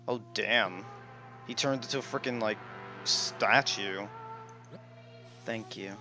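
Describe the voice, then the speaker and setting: A young man commenting on his own horror game playthrough, excitable and full of swearing, rambling as he reacts. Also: fairly low pitch, slow, pauses often, music in the background. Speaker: gaming channel host. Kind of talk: let's play commentary.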